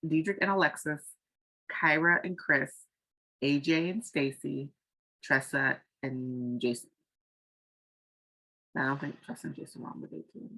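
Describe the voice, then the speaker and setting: A woman with a low, fairly bright voice casually recaps a reality dating show on a low-quality recording. As a TV recap vlogger she's chatty, loose, frank and opinionated, leaning heavily on fillers like "um" and "like."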